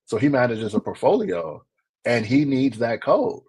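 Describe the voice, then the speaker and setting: Husky-voiced man making a business case. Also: medium pitch, a little slow. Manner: animated, repeats himself when making a point. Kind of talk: casual live-stream chat.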